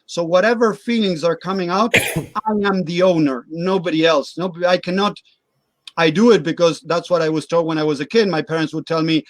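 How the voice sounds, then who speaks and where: Earnest high-voiced man explaining. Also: brisk, no echo. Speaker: interview guest, life coach. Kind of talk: casual interview talk.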